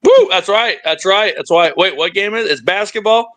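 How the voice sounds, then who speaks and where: A man's voice: high voice, normal speed, fairly bright tone. A man co-hosting a casual podcast, telling a rambling, profane story with bursts of laughter. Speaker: podcast co-host.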